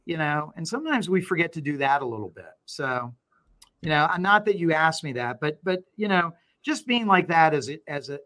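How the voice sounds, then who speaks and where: A middle-aged man, a law firm owner, talking as an interview guest and telling stories with animated, acted-out dialogue. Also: a little high. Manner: animated storyteller, acts out quoted dialogue. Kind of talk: conversational interview.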